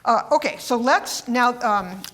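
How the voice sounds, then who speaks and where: A woman teaching a masterclass, coaching a chamber group with warm praise and short instructions between playing. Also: a little high, animated, unhurried, a little hiss or hum. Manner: encouraging, praising often. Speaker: harp teacher leading a masterclass. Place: rehearsal room with instruments.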